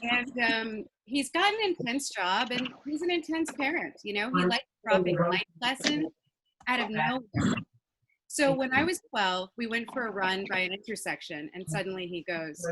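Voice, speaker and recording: A young woman performing a stand-up comedy set with punchy, deadpan delivery, laughing at her own jokes. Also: on the high side, normal speed, a little hiss or hum, rough recording.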